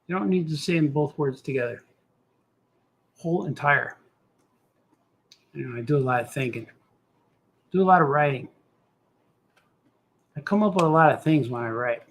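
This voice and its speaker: A middle-aged man hosts a drawing stream, rambling in a goofy, self-talking way. His voice sits a touch high and carries a husky edge. He drifts from joke to joke as if nobody were listening. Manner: goofy, talks to himself, does silly voices. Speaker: cartoonist host drawing on stream. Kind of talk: rambling casual chat while drawing.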